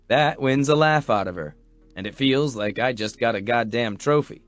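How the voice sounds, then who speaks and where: A man narrating a first-person romance audiobook in a measured, wry storytelling manner. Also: mid-range voice, dry recording, soft background music.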